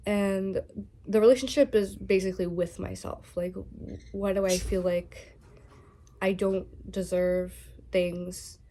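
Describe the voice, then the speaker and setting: A woman singer-songwriter talking candidly and softly to camera from her bedroom, open about her feelings. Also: medium pitch, fairly even intonation, slow pace. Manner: soft-spoken, candid, emotional. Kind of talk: casual talk to camera.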